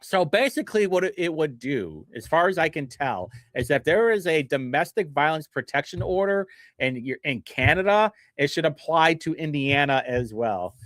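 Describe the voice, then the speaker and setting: Man, slightly high voice, dry close sound, sarcastic livestream commentator, reads bills aloud and mocks them. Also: expressive, normal speed, hardly any pauses, fairly bright tone, no room sound. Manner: sarcastic and mocking, reads bill text aloud; chuckles often, with big pitch swings. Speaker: livestream host reviewing state bills.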